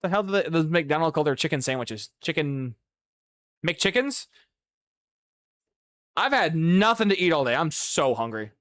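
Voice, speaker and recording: A man's voice: a little high, big pitch swings, normal speed, long pauses, fairly bright tone, no echo, studio quality. Profane young man ranting on stream. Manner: rambling, profane, exasperated ranting. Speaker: gaming streamer. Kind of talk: casual livestream chat.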